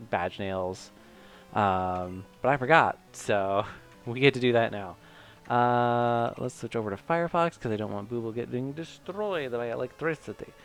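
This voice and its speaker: A man from Michigan chatting casually while streaming a video game, rambling and self-mocking with lots of fillers. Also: on the low side. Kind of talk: casual let's-play commentary.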